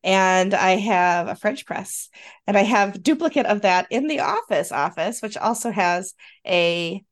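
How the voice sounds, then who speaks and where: A woman's voice: mid-range voice, lively intonation, a little slow. A woman in her fifties with a Western New York accent, a podcast host in casual chat who laughs often and trails off mid-sentence. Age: 50s.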